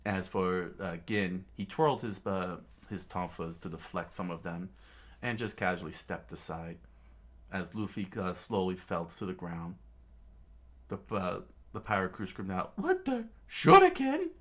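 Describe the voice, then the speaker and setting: A man reading a manga story aloud in a casual, halting way, with frequent fillers and restarts. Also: deep voice, fairly even intonation. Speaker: reader.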